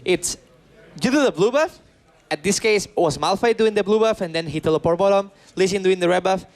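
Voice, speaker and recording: A man talking as an esports analyst at the desk, explaining excitedly and repeating himself. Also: high-pitched, brisk.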